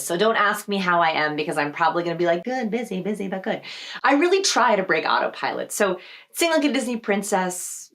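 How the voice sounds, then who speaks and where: A woman hosting a social skills tutorial, talking to camera in a playful way and acting out sample replies in different voices. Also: fairly low pitch. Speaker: social skills video host. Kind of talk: upbeat tutorial talk to camera.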